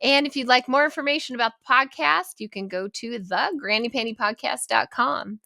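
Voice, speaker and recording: Woman host, bright tone, high voice, warm and gushing, dry close sound. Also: normal speed, gravelly, dry recording. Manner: warm, gushing, laughs easily. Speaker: podcast host. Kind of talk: casual interview chat.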